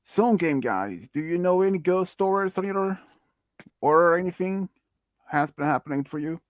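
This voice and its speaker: A man's voice: high-pitched, lively intonation, unhurried, no echo. A man from Sweden hosting a casual stream, chatting and asking his guests questions with many fillers. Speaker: streamer host.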